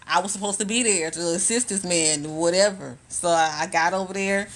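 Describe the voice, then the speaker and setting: A woman's voice: fairly low pitch, a little fast, fairly bright tone. A woman telling stories casually on a phone live stream, blunt, profane and repeating herself for emphasis. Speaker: spiritual content creator. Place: indoors at home on a live stream.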